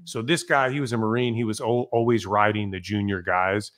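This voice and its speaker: Animated storytelling firefighter man. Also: on the low side, fairly quick. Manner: animated storyteller, swears, acts out quotes loudly. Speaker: podcast guest, fire captain. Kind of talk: casual storytelling.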